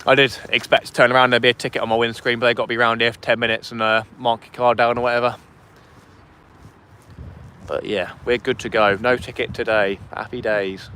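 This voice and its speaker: Out by the sea wall, a man chats with his fishing livestream viewers via a vertically held phone, reading messages aloud and thanking donors. He talks a little fast in a medium pitch with little pitch movement and a sharp tone.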